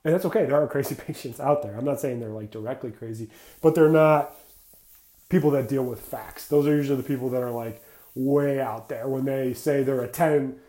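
Blunt, energetic man in an echoey room. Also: mid-range voice, a little fast. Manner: energetic, blunt, rambling, says "like" often. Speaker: podcast host for clinicians. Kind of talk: casual podcast monologue.

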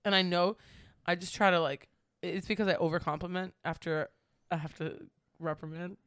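A woman's voice: on the low side, steady tone, normal speed, fairly bright tone, no echo. Brief: young woman co-host, casual storyteller, filler-heavy, dry close mic. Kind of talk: casual chat.

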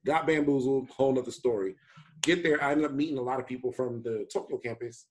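A man in a casual chat with friends, telling a personal anecdote in a lively, easygoing way. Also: medium pitch, fast talker, a little hiss or hum. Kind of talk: casual storytelling.

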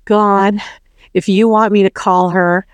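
Woman telling a faith story, animated. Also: medium pitch, slow pace, clean tone, dry recording. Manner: animated, acts out quoted voices. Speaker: podcast guest. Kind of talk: personal testimony storytelling.

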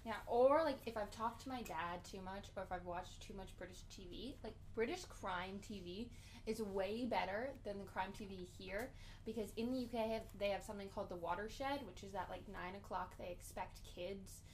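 A woman's voice: medium pitch, normal speed, rough recording. Young woman, podcast guest, chatty and casual, light background hiss. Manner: chatty, frequent "like" fillers. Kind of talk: casual chat.

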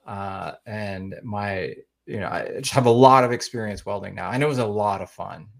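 A man's voice: fairly low pitch, moderate pace, creaky. Rambling man with a slight Oklahoma accent. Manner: rambling, many fillers and restarts. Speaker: podcast guest. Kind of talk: casual interview chat.

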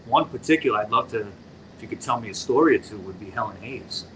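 A man's voice: lowish voice, lively intonation, fast, noisy background. A man interviewing an actor, prompting him with short, encouraging questions. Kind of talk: casual interview.

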